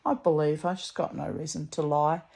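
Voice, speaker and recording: A woman's voice: sits low, fairly even intonation, moderate pace, gravelly, warm tone. A woman telling a story in a chatty, rambling way, blunt and salty, with lots of asides and restarts. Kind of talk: casual storytelling monologue.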